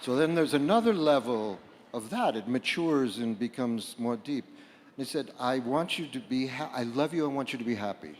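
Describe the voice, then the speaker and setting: A man giving a reflective public talk to a live audience, halting and repeating words, at times rising to loud bursts. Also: mid-range voice, animated, a little hiss or hum. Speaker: speaker at a book fair panel. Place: large hall before a live audience. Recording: long hall reverb.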